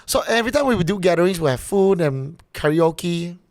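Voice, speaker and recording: A man with a Malaysian English accent, a podcast guest telling stories in a chatty, slangy, animated way. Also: high-pitched, brisk, dry recording, clean studio sound. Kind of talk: casual podcast storytelling.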